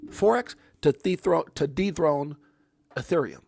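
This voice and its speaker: A man hosting a livestream, talking excitedly to his chat and repeating himself. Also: fairly high pitch, fairly quick, gravelly, slightly rough, no room sound. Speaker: livestream host.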